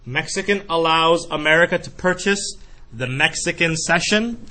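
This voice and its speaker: A man lectures a history class with a bright, forceful voice that sits a bit high for a man. He is animated and playful, jumping into quick character voices for his analogies and now and then calling out to the class. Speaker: history teacher.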